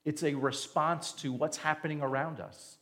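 A man's voice: fairly high pitch, fairly even intonation, normal speed, fairly bright tone. A male pastor preaching a sermon, emphatic and fond of rhetorical questions.

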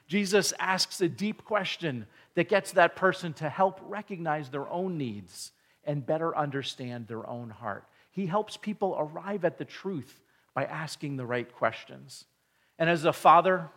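A man's voice: on the high side, expressive, measured pace, fairly bright tone. A middle-aged father giving an earnest devotional talk, telling stories and acting out quoted dialogue. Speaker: Christian parenting teacher. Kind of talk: devotional teaching.

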